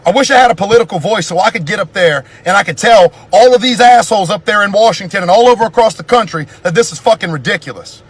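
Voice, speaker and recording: Man, high-pitched, furious profane rant to camera. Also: fast, hardly any pauses, breathy edge. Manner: profane, heated, repetitive ranting. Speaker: vlogger. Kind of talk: angry rant video.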